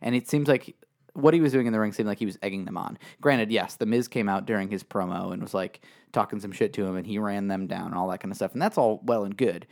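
A man with a low, gravelly voice chats casually on a podcast, circling his points with fillers and false starts. He sounds unscripted and conversational. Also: quick pace, darkish tone. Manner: rambling, hesitant, many restarts and fillers. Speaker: podcast co-host.

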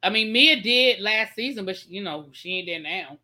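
Bright-voiced woman hosting a chatty live stream. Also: mid-range voice, lively intonation, normal speed. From Washington, D.C. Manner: chatty, explains patiently, reads out viewer comments. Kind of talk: casual live-stream chat.

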